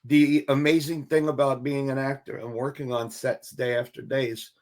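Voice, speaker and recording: A man's voice: mid-range voice, normal speed. A middle-aged man, an actor, telling stories casually in an interview and acting out the voices of people he quotes. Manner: animated, acts out quoted voices, swears casually. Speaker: actor guest.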